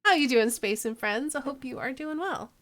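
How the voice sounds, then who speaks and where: A woman streamer chatting casually with her viewers during a game, playful and quick to laugh. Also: sits high, lively intonation, fairly bright tone.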